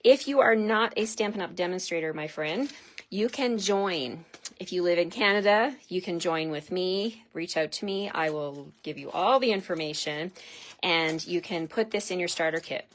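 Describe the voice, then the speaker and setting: A woman hosting a live craft demonstration, chatty and excitable, gushing over each product as she unpacks it. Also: lowish voice, normal speed.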